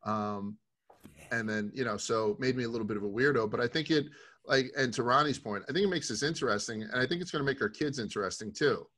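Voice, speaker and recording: Man, middle-aged, from Brooklyn, podcast guest, rambling profane storyteller, mid-pitched voice. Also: fast, fairly bright tone. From Brooklyn, New York. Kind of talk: casual podcast chat.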